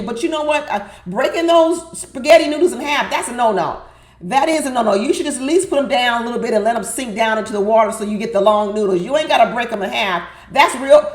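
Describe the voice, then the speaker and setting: A middle-aged woman, giving a sassy, animated, laughing recap of reality TV episodes and talking to her audience. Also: on the high side. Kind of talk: casual recap commentary. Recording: roomy echo.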